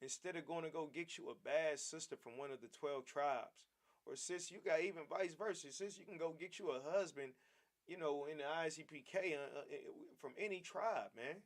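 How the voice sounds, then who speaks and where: A man's voice: on the high side, moderate pace. A man teaching a Bible class in a preaching style, emphatic and repetitive, often calling his listeners "man".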